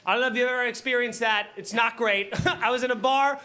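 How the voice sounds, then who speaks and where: A man's voice: very high voice, fast talker. A man performing stand-up comedy in a small club, brash and profane, chatting with the crowd and acting out little scenes. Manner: brash, profane, animated storytelling with acted-out asides. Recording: live club audience laughing.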